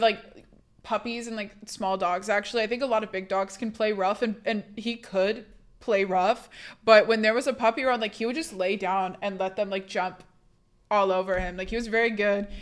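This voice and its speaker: A young woman livestreamer chatting casually to her viewers, swearing freely and restarting her sentences often. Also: mid-range voice. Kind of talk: casual chat to stream viewers.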